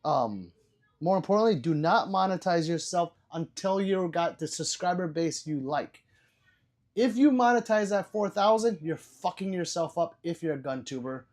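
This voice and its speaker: This older livestream host reads viewer comments out loud, cursing and wandering off topic as he goes. His words stumble and repeat, his volume jumps between bursts and low grumbles, and he talks at a normal speed with lively intonation.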